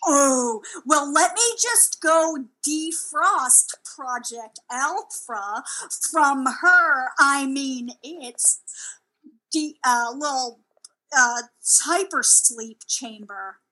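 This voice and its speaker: Slow, lively, bright-voiced improvising woman. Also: high voice, low-quality recording. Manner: rambling, excitable storytelling with restarts. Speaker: comedy improviser playing a crew translator. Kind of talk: improvised comedy scene.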